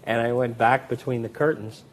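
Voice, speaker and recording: A man, a magician and comedy performer, telling anecdotes in an interview and acting out the voices of the people in them. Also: moderate pace. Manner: animated, acts out quoted voices with big swings in pitch and loudness.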